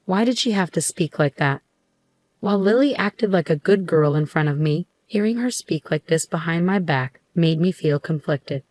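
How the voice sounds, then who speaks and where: A middle-aged woman telling a first-person story in a steady, measured way. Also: lowish voice, dry recording. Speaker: narrator.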